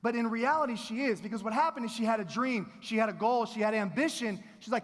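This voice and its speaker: A man in his thirties giving a motivational keynote, telling stories in an energetic, playful way with asides to the audience. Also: very high-pitched, fast. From Texas. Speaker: keynote speaker. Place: large event hall. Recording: long reverb of a large hall.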